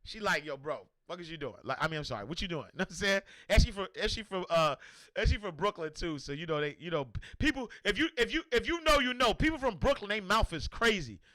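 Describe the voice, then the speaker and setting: A man from Harlem with a New York accent talks off the cuff to his livestream audience. His voice sits high and bright, and he piles on slang and repeats himself as he goes. He is recorded dry and close to the mic. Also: quick pace, dry recording. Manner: animated, repetitive, slangy, restarts a lot. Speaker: host. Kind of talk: casual livestream monologue.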